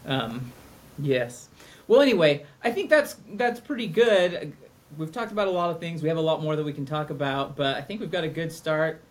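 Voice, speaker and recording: A man's voice: on the high side, expressive, moderate pace. A middle-aged man co-hosting a podcast in casual, joking, rambling chat. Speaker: podcast co-host.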